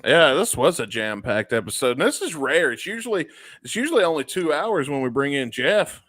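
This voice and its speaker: A man's voice: fairly high pitch, big pitch swings, brisk, a bit bright, dry recording. Joking male podcast co-host, dry sound. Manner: joking, profane banter. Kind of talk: casual podcast chat.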